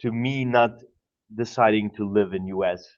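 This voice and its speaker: A man from Poland with a Polish accent, a podcast guest telling stories in an animated way, repeating words and laughing often. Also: fairly low pitch, moderate pace, highs cut off. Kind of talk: casual storytelling.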